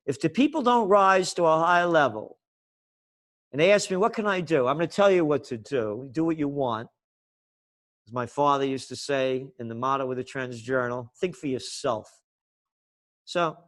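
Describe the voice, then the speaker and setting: A man speaking as a podcast guest in a fiery, ranting, sarcastic way. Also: on the high side. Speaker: guest, trends forecaster. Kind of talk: impassioned podcast interview.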